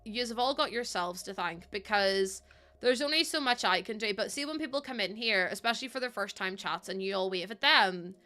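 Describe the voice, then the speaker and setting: A woman streamer chatting casually with her live chat, excitable and talkative, laughing often. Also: mid-range voice, brisk.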